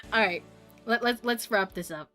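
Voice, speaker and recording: A woman's voice: on the high side, a bit bright. A young woman streaming a video game, chatting casually, giggly and self-mocking. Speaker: variety streamer.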